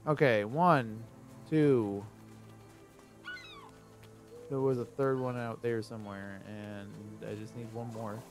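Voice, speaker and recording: A man's voice: mid-range voice, fairly even intonation, slow pace, pauses often, over music. Chatty, joking male streamer. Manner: chatty and joking, often laughing. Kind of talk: casual gameplay commentary. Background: faint game soundtrack.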